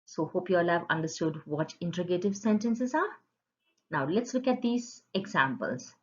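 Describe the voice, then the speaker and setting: A woman's voice: fairly low pitch, expressive, moderate pace, a little mellow. A woman teacher giving an online grammar lesson to children, in a patient, sing-song teaching voice. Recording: dull lo-fi sound.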